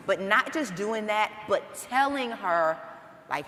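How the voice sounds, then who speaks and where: A woman's voice: medium pitch, lively intonation, moderate pace, pushed and bright. Candid mother speaking in a hall. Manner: earnest, candid, acts out family dialogue. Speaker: panel speaker. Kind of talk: conference panel talk. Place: conference hall. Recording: echoey hall, faint noise.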